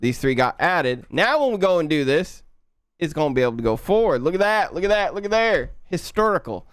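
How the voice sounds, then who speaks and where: A man's voice: on the high side, sing-song, a little fast, clear, resonant tone, no room sound, clean studio sound. A man putting on an exaggerated Southern redneck accent while live coding and talking to his chat. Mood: playful. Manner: loud, playful, drawling, talking to chat. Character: exaggerated Southern redneck coder, male, boastful and folksy. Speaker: livestreaming programmer.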